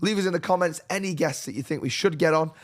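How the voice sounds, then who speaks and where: A man's voice: fairly high pitch, fast. A man hosting a chat podcast, with blunt, laddish banter. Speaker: podcast host. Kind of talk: casual chat.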